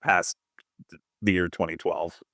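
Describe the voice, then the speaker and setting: A man's voice: low voice, flat delivery, a little slow, bright, forceful tone, dry recording, studio quality. A young man co-hosting a film podcast, blunt and exasperated, laughing often. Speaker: podcast co-host. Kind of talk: casual film review banter.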